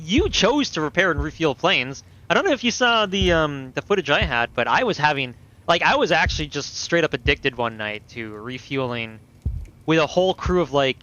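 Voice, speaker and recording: Guy streaming a game, kinda high bright voice, rambly, stops and restarts a lot, bit muffled audio. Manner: loose, rambling with fillers and self-corrections. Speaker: gaming streamer. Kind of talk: let's play commentary.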